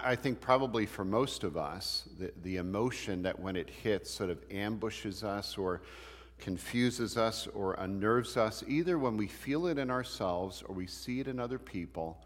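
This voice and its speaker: A man's voice: fairly low pitch, a little slow. A man teaching a church Bible class in a conversational way, asking the class questions as he goes. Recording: long hall reverb.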